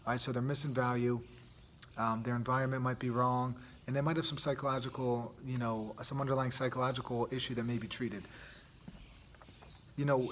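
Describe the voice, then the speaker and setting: Over slight background noise, a youth sports coach and podcast host delivers a casual, rambling monologue in a medium-pitched voice. He's earnest, frequently starting sentences over and adding "right?"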